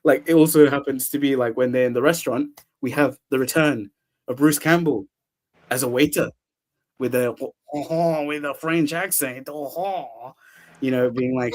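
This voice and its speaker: A man's voice: mid-range voice, measured pace. A young man hosting a podcast, casually recapping a film with lots of laughter and acted-out quotes. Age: young adult. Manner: animated, laughs often, acts out quotes. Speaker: podcast host. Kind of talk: casual movie recap chat.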